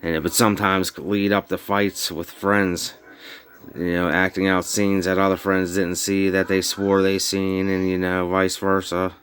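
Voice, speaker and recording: A man's voice: low voice, level tone, measured pace, a bit bright, clean tone. A man casually showing off his tape collection at home, rambling with lots of fillers and loose grammar, slightly slurred from snuff in his mouth. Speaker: VHS collector vlogger. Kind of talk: casual show-and-tell. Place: home bedroom.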